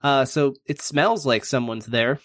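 A man's voice: mid-range voice, measured pace, fairly bright tone, dry recording, clean studio sound. Casual man running a tabletop game. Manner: casual, swearing, filler-heavy narration. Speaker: game master.

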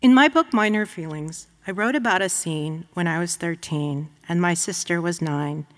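A woman from the United States reads her own prose aloud to a lecture audience. Her voice sits a little low, and her delivery is measured and reflective. The sound carries the long reverb of a large lecture hall. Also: steady tone. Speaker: author reading her work. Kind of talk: reading aloud at a public lecture.

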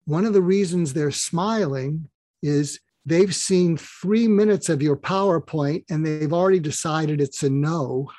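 A man's voice: a little high, a little slow, dry recording. A man talking as a podcast guest, explaining his ideas through stories and acting out little bits of dialogue. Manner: animated storyteller who acts out dialogue. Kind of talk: conversational interview, explaining with stories.

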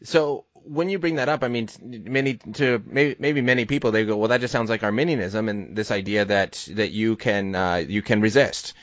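A low-voiced male interviewer asks questions in a casual, halting way, searching for his words. The sound is dry and dull, with a lo-fi edge. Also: dry recording.

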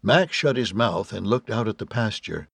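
Gravelly wry male audiobook narrator. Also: fairly low pitch, normal speed, no echo. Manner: wry, deadpan storytelling. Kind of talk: scripted narration.

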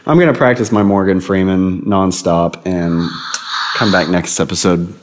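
A man's voice: low-pitched, moderate pace. A man co-hosting a goofy casual podcast, joking and mocking himself. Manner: jokey, self-mocking, lively. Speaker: podcast co-host.

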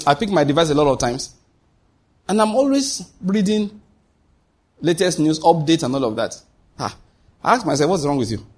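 Guy preaching, husky voice, kinda high, keeps asking the crowd questions. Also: darkish tone. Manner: call-and-response preaching, rhetorical questions. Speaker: pastor. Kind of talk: sermon.

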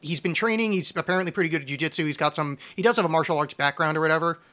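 A man's voice: a little high, rapid-fire, sharp tone. A man hosting a casual podcast chat, rambling and swearing, restarting his sentences often. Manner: rambling, profane, restarts a lot. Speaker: podcast host.

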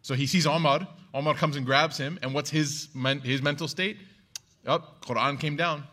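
A man's voice: on the high side, fairly even intonation, moderate pace, sharp tone. Casual man telling a religious story. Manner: conversational, loose, lots of "you know" and "like". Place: at home with his child nearby.

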